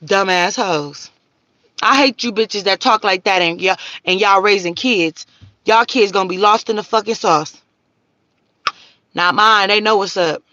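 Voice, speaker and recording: A woman's voice: mid-range voice, unhurried, pushed and bright, dry recording, dull audio. A woman, hosting a live stream and ranting profanely at her viewers. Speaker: livestream host.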